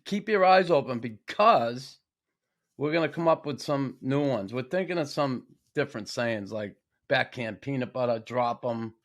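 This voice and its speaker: A man's voice: mid-range voice, animated, normal speed. An older man with a Boston accent hosting a podcast, talking bluntly and swearing as he jokes around. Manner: blunt, profane, joking. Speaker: podcast host. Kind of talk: casual chat.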